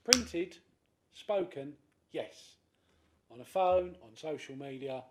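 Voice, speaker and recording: A man, a councillor speaking in a committee debate, animated and acting out other people's voices. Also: on the high side, slow, very noisy. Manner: animated, acts out quoted voices. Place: council chamber.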